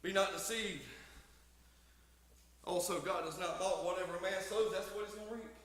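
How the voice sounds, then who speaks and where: A man's voice: sits high, steady tone, normal speed, fairly bright tone. A middle-aged man preaching a folksy, emphatic sermon in a church, his volume swelling and dropping. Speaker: pastor. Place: church sanctuary. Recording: echoey hall, mic from far off.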